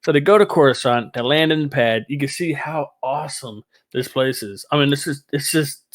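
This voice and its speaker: A man hosts a casual fan podcast, getting carried away with his ideas and breaking into laughter. His voice sits a touch high for a man. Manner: excitable, rambling, quick laughs. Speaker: podcast host.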